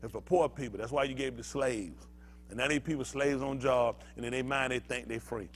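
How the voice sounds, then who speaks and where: A man's voice: medium pitch, fairly quick, slight background noise. An older male pastor giving a fiery sermon, heated and emphatic, firing rhetorical questions at the congregation.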